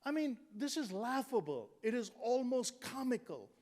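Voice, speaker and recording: A man's voice: very high voice, very animated, normal speed, a little mellow. A man in his sixties from India, giving a humorous motivational speech with punchy jokes and rhetorical questions. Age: 60s. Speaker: motivational speaker.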